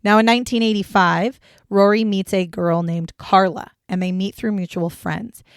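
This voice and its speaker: A woman's voice: medium pitch, steady tone, moderate pace, smooth, dry recording, studio quality. A young woman co-hosting a true crime podcast, talking casually and bluntly, swearing freely. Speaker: podcast co-host.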